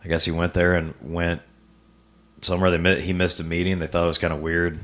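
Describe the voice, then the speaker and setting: A man's voice: low voice, flat delivery, a little fast, a bit bright. A man from the American Midwest, a stand-up comedian, telling a personal story as a podcast guest in a living room. He swears a lot and stammers through restarts. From Rock Island, US Midwest. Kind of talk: casual personal storytelling in an interview.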